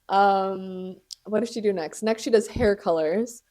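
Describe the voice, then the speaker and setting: A young woman with a warm, medium-pitched voice speaks at a measured pace. Hosting her podcast, she tells a story in casual chat, dramatic and profane, laughing often.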